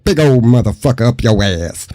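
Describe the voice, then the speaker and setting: A man putting on the voice of a crude, menacing adult tough guy, loud and taunting. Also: medium pitch, animated, normal speed, no room sound, studio quality, pitched below the performer's own voice, natural voice.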